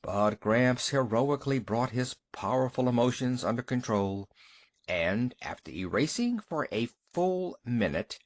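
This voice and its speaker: Male narrator, audiobook story reading, expressive, animated intonation, medium pitch.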